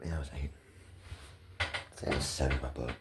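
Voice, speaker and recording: A man giving a rambling personal monologue. He is profane, repeats himself, and swings between hushed murmurs and loud, heated outbursts. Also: extremely low pitch, fairly even intonation, quick pace, heavy background noise. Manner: profane, repetitive and impassioned.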